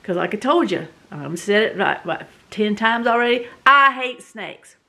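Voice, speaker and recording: A woman's voice: mid-range voice, unhurried, gravelly. Southern woman telling a story with flair. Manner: animated, dramatic storytelling with many fillers. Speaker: vlog host. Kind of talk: casual storytelling.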